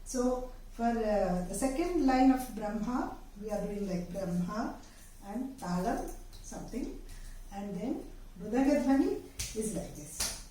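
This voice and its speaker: A woman gives patient, step-by-step dance instruction and stops often to demonstrate. Her voice is a little high and mellow. It is picked up from across a very echoey room, with faint noise behind it. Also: sing-song, recorded from a distance. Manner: patient, explanatory, pauses with fillers while demonstrating. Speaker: dance teacher.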